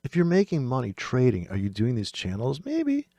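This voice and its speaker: A man on a trading channel tears into other people's strategies in an exasperated, profane rant. His pitch swings widely from one phrase to the next. The recording is close and dry, with almost no room sound. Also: animated, a little fast, vocal fry, dark tone, dry recording. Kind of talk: ranting commentary on trading videos.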